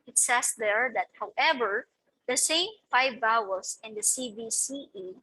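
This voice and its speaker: A woman's voice: on the high side, sharp tone, slightly rough, low-quality recording. A young woman, explaining a lesson step by step and marking each point with "okay" and "so". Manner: methodical, repeats "okay" and "so" between points. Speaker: teacher presenting a lesson. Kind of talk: explaining slides in a recorded lecture.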